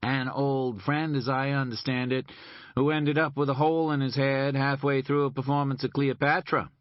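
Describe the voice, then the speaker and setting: A man's voice: medium pitch, fairly even intonation, normal speed, no room sound, voice pushed up, close to an everyday voice. Man putting on a smug, pompous federal agent. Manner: pompous, mocking politeness. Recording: dull lo-fi recording.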